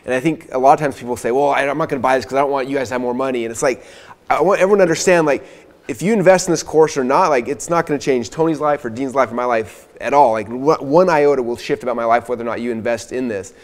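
Male co-presenter, earnest pitch, rapid-fire delivery; recorded with a long room reverb. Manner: earnest, speaks to viewers directly. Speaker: course co-presenter. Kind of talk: persuasive sales pitch. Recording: long echo of a large room.

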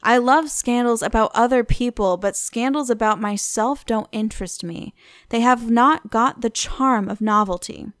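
A woman reading the lines of a petulant, flippant young gentleman who is languid and bored. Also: a little high, normal speed, no room sound, clean studio sound, close to an everyday voice.

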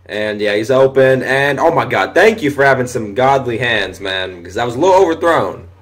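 A young man giving loose, profane live commentary over a football video game, shouting at big plays. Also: mid-range voice, brisk. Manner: excitable, swears often, shouts at big plays. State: voice briefly giving out. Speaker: gaming commentator.

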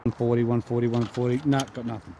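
A man's voice: mid-range voice, quick pace. An Australian man bantering and teasing his playing partners during a round of golf, recorded outdoors. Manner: joking, teasing. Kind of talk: casual banter on a golf course. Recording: outdoor ambience with steady background noise.

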